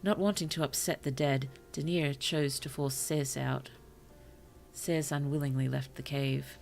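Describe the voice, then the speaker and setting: A woman streamer reading short stories aloud to her chat, slow and careful, with apologetic asides between passages. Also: low-pitched, fairly even intonation, gravelly, a little mellow, soft background music. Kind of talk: story reading on a livestream.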